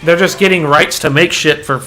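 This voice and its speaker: Male gamer, slightly high voice, laid-back and cursing, faint game music. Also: fairly quick, pushed and bright. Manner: casual, swears at the game. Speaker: co-host playing the game. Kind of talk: casual gameplay chat.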